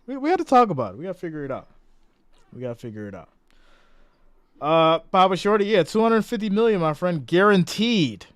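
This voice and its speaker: A man's voice: high-pitched, very animated, brisk, clear, resonant tone, dry recording, clean studio sound. A man giving casual play-by-play on a live stream, reading and greeting viewer comments as he goes. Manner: chatty, reads out viewer comments and greets them.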